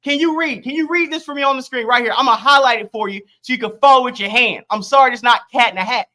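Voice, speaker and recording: Bright sharp voice, combative and profane, livestream host in a heated debate, talks over others. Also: medium pitch, quick pace.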